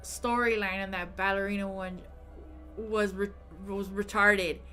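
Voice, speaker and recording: A woman's voice: medium pitch, little pitch movement, a little slow, bright, forceful tone, faint music behind. A woman co-hosting a live stream in casual chat, blunt and emphatic as she rants. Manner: blunt, emphatic, ranting with repeated apologies.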